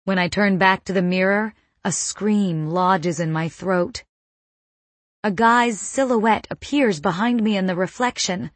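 A woman reading a first-person novel as an audiobook narrator, in a measured, suspenseful manner on a close mic. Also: medium pitch, dry recording.

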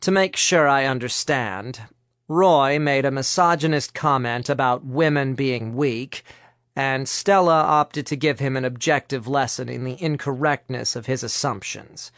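A man voicing a calm, cheerful young woman leader who speaks measured and firmly polite. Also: medium pitch, no room sound, studio quality.

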